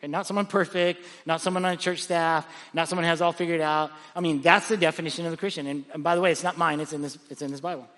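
A pastor preaching with a high, bright, forceful voice, lively and full of stories, often stumbling over repeated words as he restarts. He is recorded in a large church auditorium, and his voice carries a long hall reverb. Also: fast talker, hardly any pauses. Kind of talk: sermon.

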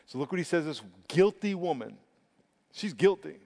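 Guy preaching a sermon, kinda high voice, big hall reverb, leans hard on words. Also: animated, gravelly, darkish tone. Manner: emphatic preaching with drawn-out stresses and repetitions. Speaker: pastor. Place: church sanctuary. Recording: long reverb of a large hall.

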